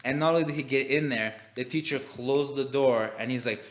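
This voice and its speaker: A man's voice: medium pitch, steady tone, a little fast, roomy sound. A man co-hosting a casual podcast, rambling through a story with lots of fillers and swearing. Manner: rambling, profane, full of "like" fillers. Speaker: podcast co-host.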